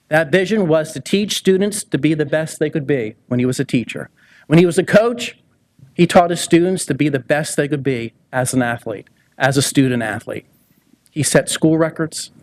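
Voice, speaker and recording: A man with a fairly high voice tells a moving story at an induction ceremony. His delivery is dramatic and paced with pauses, and his pitch rises and falls with the tale. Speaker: son introducing a hall of fame inductee. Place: ceremony hall.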